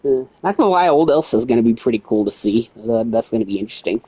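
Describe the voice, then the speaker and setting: This man talks fast in a steady, dark, medium-pitched voice as he livestreams gameplay, swearing, making sarcastic jokes, and reading the game's lines out in his own voice. The audio is poor, with no room sound.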